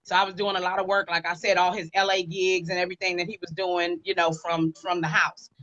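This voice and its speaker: A woman in her fifties, a guest in a live-stream interview, telling her story in a casual, animated way. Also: on the low side, fairly quick, no echo, lo-fi sound.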